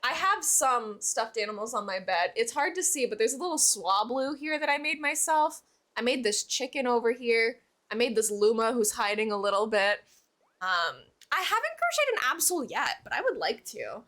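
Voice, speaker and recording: A young woman with a high, bright voice chats casually on a live stream from her room at home. Her pitch swings widely, and she is giggly with hiccups, slipping into baby talk for her cat. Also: very animated, normal speed.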